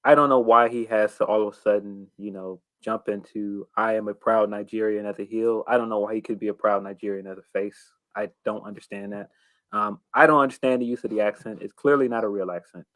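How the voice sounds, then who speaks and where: A man's voice: lowish voice, fairly even intonation, a little fast, fairly bright tone, no echo. Hesitant man co-hosting a wrestling show. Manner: thoughtful, hesitant with fillers. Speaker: podcast co-host. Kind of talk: casual wrestling talk show.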